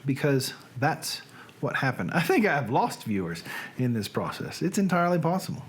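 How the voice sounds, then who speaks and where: A man with a Southern accent hosting a live stream, chatting casually with viewers and reading poetry aloud slowly and theatrically with long pauses. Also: mid-range voice, very animated, slight background noise. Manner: chatty, self-deprecating asides to viewers.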